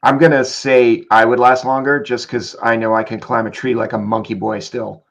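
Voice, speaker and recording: A man co-hosting a casual livestream chat, reading out viewer comments with quick asides. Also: mid-range voice, flat delivery, fairly bright tone, highs cut off. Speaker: co-host reading viewer questions.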